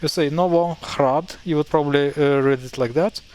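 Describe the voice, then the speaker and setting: Guy, teaching pronunciation, lots of uhs and restarts, kinda high voice. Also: normal speed, a little mellow, clear, resonant tone. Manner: hesitant, many fillers and self-corrections. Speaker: language teacher. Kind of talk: casual explanatory lesson.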